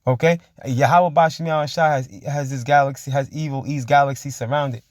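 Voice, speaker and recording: A man preaching emphatically, reading scripture slowly and forcefully and checking in with his listeners again and again. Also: mid-range voice, steady tone, no echo, clean studio sound. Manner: emphatic, keeps asking "you see?" and saying "man". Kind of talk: street-style sermon with scripture reading.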